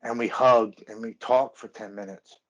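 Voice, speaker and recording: A man's voice: lowish voice, fairly even intonation. A man in his thirties, a podcast guest, telling his recovery story earnestly, stopping and restarting often. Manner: earnest, halting with many restarts. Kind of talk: personal recovery story, casual chat.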